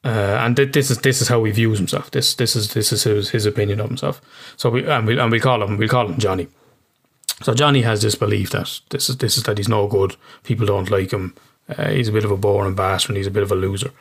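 A man's voice: lowish voice, steady tone, fast, slightly rough. A man with an Irish accent, a therapist, explaining ideas casually in an interview, swearing freely and often restarting his sentences.

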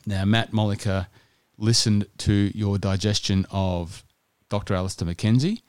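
A man's voice: lowish voice, steady tone, unhurried, darkish tone, clean tone, no room sound. An Australian man co-hosting a podcast, telling stories in casual chat with frequent restarts. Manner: chatty storytelling with restarts. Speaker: podcast co-host.

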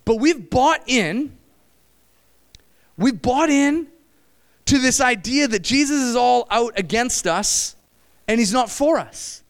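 A middle-aged man preaching at a camp meeting, animated, shifting between loud exclamations and low, intense stretches. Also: slow pace, pauses often. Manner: acts out quoted voices. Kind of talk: sermon.

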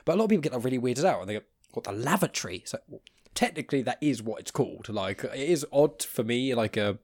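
Fast-talking young British man. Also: mid-range voice, lively intonation, a little mellow. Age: 20s. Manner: rambling, hesitant, many fillers. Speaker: podcast host. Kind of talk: casual interview chat.

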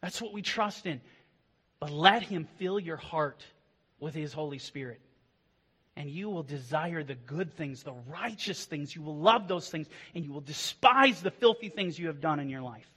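A man preaching a sermon as pastor, impassioned, swinging from hushed passages to loud declarations. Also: a little high, expressive, moderate pace, breathy edge. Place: church. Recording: long reverb of a hall.

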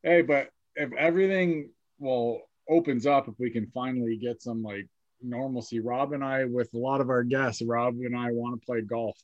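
A man hosting a casual chat, laid-back and quick to laugh. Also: mid-range voice, steady tone, no room sound, lo-fi sound. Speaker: podcast host.

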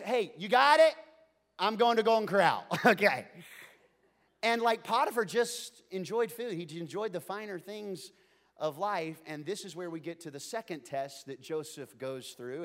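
A man preaching a sermon in a conversational, joking style that swings between playful asides and earnest points. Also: a little high. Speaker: pastor.

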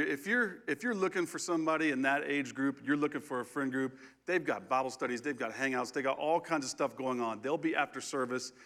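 A man's voice: mid-range voice, fairly bright tone. A man co-pastoring a sermon, speaking directly to the congregation with questions. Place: church sanctuary.

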